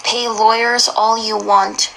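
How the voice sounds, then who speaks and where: A woman's voice: on the high side, little pitch movement, slow, vocal fry, sharp tone, rough recording. A young woman reading aloud and reacting emotionally, with many exclamations and slang.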